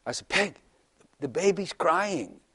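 A man's voice: on the high side, big pitch swings, slow pace, bright, forceful tone, husky, dry recording, clean studio sound. An older man, a pastor, giving a humorous, chatty sermon, often laughing and acting out little voices.

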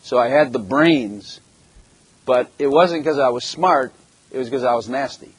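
A man's voice: mid-range voice, measured pace, husky, dry recording, poor audio. A German-born man preaching a sermon and telling his own story in a blunt, joking way, with rhetorical questions to the congregation. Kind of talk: sermon with personal testimony.

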